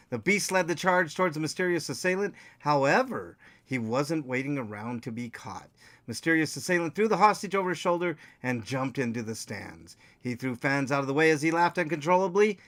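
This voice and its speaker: A man co-hosting a game podcast, playing and narrating the story in a relaxed, dry way. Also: fairly high pitch. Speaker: podcast co-host and player. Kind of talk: casual chat and story narration.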